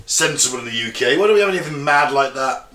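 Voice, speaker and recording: A man's voice: medium pitch, expressive, quick pace, sharp tone. A man co-hosting a podcast, bantering in a crude, jokey way, from England. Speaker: podcast co-host. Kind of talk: casual banter. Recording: echoey room.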